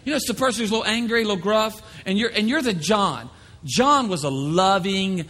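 High-voiced preacher in a reverberant hall. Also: male voice, brisk. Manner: animated, acts out voices of others. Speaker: pastor. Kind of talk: sermon. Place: church sanctuary.

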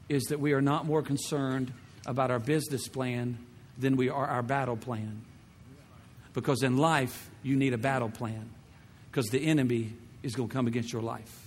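A man's voice: medium pitch, a little hiss or hum. A male pastor preaching a sermon with fervent, repetitive phrasing and rhetorical questions. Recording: long reverb of a large hall.

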